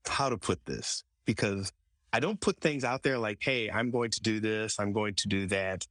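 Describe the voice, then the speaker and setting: A man's voice: on the low side, a bit bright, dry recording. Podcast host guy, rambling story with lots of restarts, dead dry sound. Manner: storytelling with many restarts, quoting himself. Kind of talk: casual conversation.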